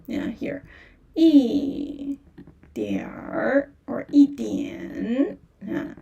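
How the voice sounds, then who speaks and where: A woman teaching beginner in a livestream, speaking slowly and patiently, repeating phrases and saying "yeah" often. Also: a little high, wildly swooping pitch, vocal fry, warm tone, recorded from a distance, dull audio. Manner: slow and patient, repeats phrases many times, fillers like "yeah". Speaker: Chinese language teacher. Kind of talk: livestream language lesson.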